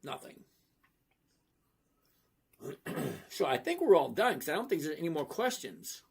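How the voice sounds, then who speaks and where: A man hosting a casual livestream, talking slowly and emphatically and often checking in with "okay?". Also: fairly high pitch, sing-song, a little mellow, breathy edge. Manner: slow, emphatic, repeats "okay?" to check understanding. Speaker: livestream host answering viewer questions. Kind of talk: casual livestream chat about stocks.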